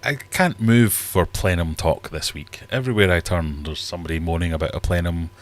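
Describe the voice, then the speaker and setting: Hosting a casual livestream quiz, a low-voiced man talks briskly, chatting and joking as he reads the questions out.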